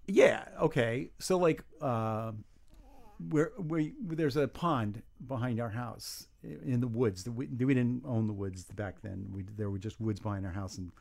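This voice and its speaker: An older man in his seventies, from New York, chats as a guest on a talk show. He tells long stories, full of restarts and dry jokes at his own expense, in a steady mid-pitched voice. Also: measured pace, gravelly. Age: 70s. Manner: rambling, wry, self-deprecating, with restarts and chuckles. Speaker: guest, humor writer. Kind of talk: casual interview chat.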